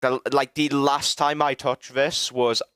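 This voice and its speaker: A man's voice: medium pitch, level tone, fairly bright tone, smooth, no echo, clean studio sound. A young British man streaming live, rambling and swearing as he fumbles through a building tool and chats with viewers. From Britain. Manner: rambling, self-interrupting, swearing, quick to frustration. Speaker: livestreamer. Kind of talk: casual live-stream chat while game building.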